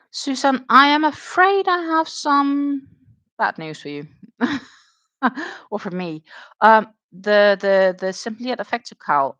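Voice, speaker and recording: Chatty woman with a gravelly voice. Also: medium pitch, no echo. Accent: Danish. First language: Danish. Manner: chatty, dryly sarcastic, thinks aloud while counting stitches. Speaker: crochet stream host. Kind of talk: casual chat while crocheting.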